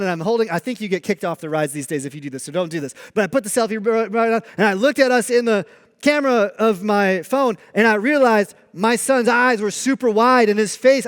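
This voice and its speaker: Animated high-voiced male preacher. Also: big-room sound. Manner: animated storyteller, acts out dialogue. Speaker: pastor. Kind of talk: sermon. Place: church sanctuary.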